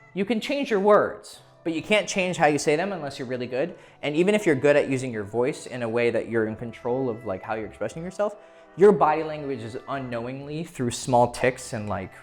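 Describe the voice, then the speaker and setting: A man coaching other men on dating, talking straight to camera in a loose, casual way. He swears freely and slips into little acted-out bits of dialogue. His voice sits at a middle pitch, with soft music playing faintly underneath. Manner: blunt and profane, acting out quoted voices. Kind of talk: casual advice talk to camera.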